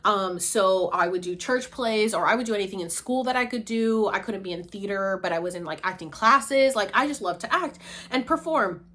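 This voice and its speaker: A woman from Puerto Rico talking casually to camera as a vlogger, chatty and animated, dropping to low murmurs and jumping to high excited bursts. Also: moderate pace. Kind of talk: casual talking-head vlog.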